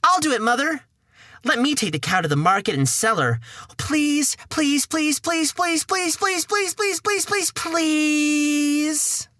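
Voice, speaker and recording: Guy doing a keen poor teen lad, voice nudged up a bit, bright and dry. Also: very high voice, animated, takes it slowly, dry recording, voice pushed up, exaggerated voice. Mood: pleading. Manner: slightly raised eager voice. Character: poor eager teenage boy, cheerful.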